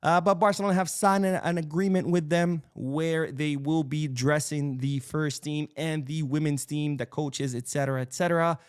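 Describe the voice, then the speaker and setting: A man's voice: fairly high pitch, steady tone, moderate pace, hardly any pauses, clean tone. A man hosting a casual sports podcast, chatty and opinionated, wandering off into side remarks. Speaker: podcast host.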